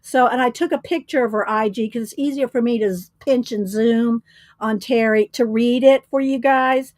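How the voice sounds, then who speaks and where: Recorded close and dry without any room echo, this woman hosts a relaxed livestream, talking with viewers and laughing frequently. Her slightly high voice has a darkish tone, fairly even intonation and a moderate pace.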